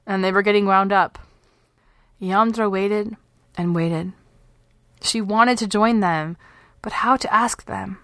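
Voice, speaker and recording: A woman reads a literary short story aloud, measured and unhurried. Her voice sits at a middle pitch. The recording is dry and close, with no room sound. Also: a bit bright, clean tone, no room sound. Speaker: podcast host and story reader.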